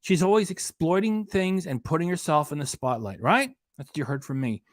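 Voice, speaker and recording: A man's voice: on the high side, lively intonation, fairly quick, no room sound, studio quality. A man hosting a reaction channel, ranting in an indignant, emphatic way and hammering home his points. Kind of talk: casual commentary rant.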